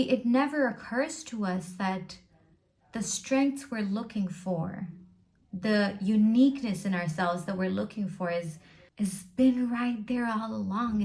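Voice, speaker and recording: A woman speaks to her viewers from home, earnest and emphatic. She builds each point by repeating phrases, in a motivational self-help style at a middling pitch. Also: a little mellow. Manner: earnest, repetitive, emphatic lists. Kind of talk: motivational talk to camera.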